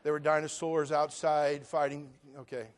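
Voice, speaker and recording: A middle-aged male pastor preaching a sermon, who drops to a hushed storytelling voice and then climbs to loud, rising declarations while he quotes scripture in old-fashioned wording. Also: on the high side, level tone, moderate pace.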